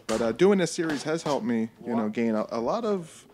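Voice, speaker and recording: A man's voice: mid-range voice, big pitch swings, brisk, a little mellow. Rambling, laughing man in a noisy recording. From California. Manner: rambling, laughs often at his own jokes. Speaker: host watching fight footage. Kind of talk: casual watch-along commentary.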